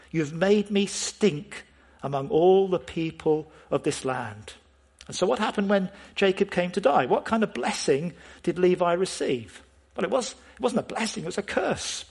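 Preacher, male, husky slightly high voice, earnest sermon delivery full of questions to the congregation. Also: very animated, a little slow. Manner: earnest, asks the listeners questions, stresses key words.

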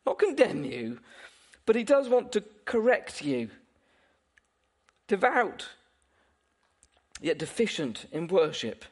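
A man's voice: high voice, very animated, slow pace, long pauses. A man preaching a sermon, asking his listeners questions and chuckling now and then, with frequent restarts.

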